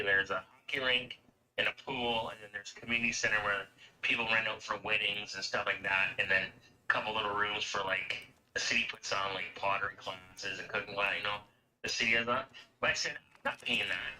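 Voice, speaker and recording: A man's voice: lowish voice, pushed and bright, a little hiss or hum, poor audio. A man from Canada chatting casually, rambling and swearing as he rants about everyday costs. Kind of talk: casual chat.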